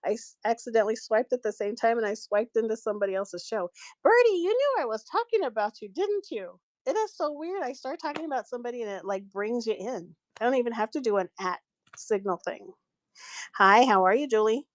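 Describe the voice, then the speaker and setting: A woman's voice: fairly high pitch, fairly quick, no echo. A middle-aged woman chatting on a craft live stream, telling stories and laughing often while she works.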